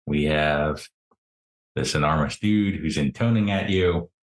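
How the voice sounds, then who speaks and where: A man narrating a tabletop game as game master in a relaxed, easygoing way. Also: extremely low pitch, unhurried. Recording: roomy echo.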